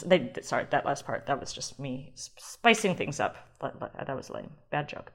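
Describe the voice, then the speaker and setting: A woman's voice: low-pitched, animated, moderate pace, creaky, few pauses. Chatty woman podcast host. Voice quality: chatty, rambling, self-deprecating. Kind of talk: casual solo podcast chat.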